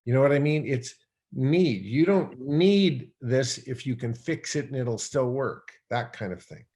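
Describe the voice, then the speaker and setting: Man, middle-aged, podcast guest, rambling storyteller, restarts, mid-pitched voice. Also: expressive, a little slow, darkish tone. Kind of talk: storytelling in conversation.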